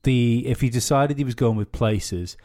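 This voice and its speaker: A man's voice: mid-range voice, normal speed, warm tone. A man co-hosting a podcast, telling a rambling story in casual chat, swearing freely and restarting his sentences. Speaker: podcast co-host.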